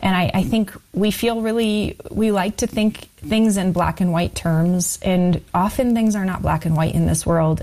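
A woman co-hosting a faith radio show, offering encouragement in a measured, reflective way. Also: fairly low pitch, darkish tone.

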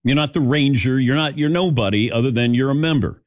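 A man hosting a sports talk show in a casual, rambling way, acting out the lines of people in his story. His voice sits at a middle pitch and comes across dry, with no room sound around it. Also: fairly quick, no room sound. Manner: rambling, animated storytelling with mimicked quotes.

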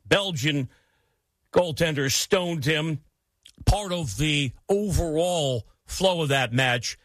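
Bright-voiced American sports talk host. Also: male voice, a little high, no echo, clean studio sound. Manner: emphatic, opinionated, animated delivery.

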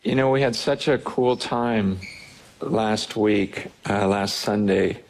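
A pastor preaching to his church, earnest and animated, often repeating words as he builds. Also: on the low side, slow pace, slight background noise. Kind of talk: sermon. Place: church hall.

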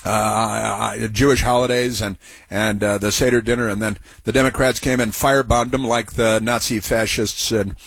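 A man's voice: fairly low pitch, fairly even intonation, normal speed, vocal fry, fairly bright tone, breathy edge, no echo. A man hosting a radio talk show, giving scornful, opinionated commentary full of "uh"s. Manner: scornful, sarcastic, many filler "uh"s.

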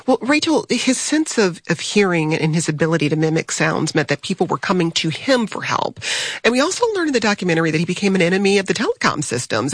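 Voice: mid-range voice, a bit bright, no echo. A radio host guiding a discussion and putting questions to guests by name.

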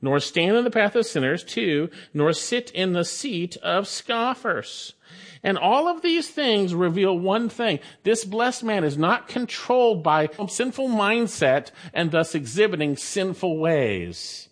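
A man's voice: sits high, expressive, a little slow. A man preaching a sermon, reading scripture aloud and explaining it with emphatic repetition. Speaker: pastor.

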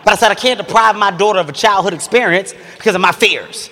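A man's voice: sits high, fast, sharp tone. A man telling a stand-up story with intense, profane energy. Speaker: stand-up comedian. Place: comedy stage before a live audience. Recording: long hall reverb.

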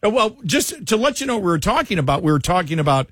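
A man's voice: high voice, very animated, quick pace, a bit bright, dry recording. A man hosting a talk radio show, chatting with his co-host and then reading from a newspaper column, with frequent restarts. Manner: rambling, restarts, reads a column aloud. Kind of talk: casual talk radio banter and commentary. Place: radio studio. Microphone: studio headphones and mic.

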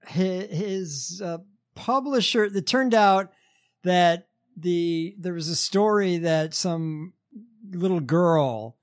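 Podcast host, male, slightly higher voice, halting casual delivery. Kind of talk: casual chat.

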